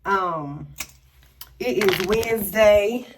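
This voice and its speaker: Young woman, chatty and excitable vlogger, handheld camera, faint background noise. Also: medium pitch, drawn-out words. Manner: chatty, excitable, addresses viewers as y'all, honey and child. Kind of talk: casual vlog talk to camera. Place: hotel room.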